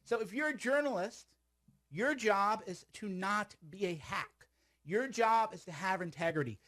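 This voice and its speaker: A man's voice: sits high, expressive, a little slow, fairly bright tone. Rambling, sarcastic male commentator. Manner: rambling, sarcastic, laughs often. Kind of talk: casual video commentary.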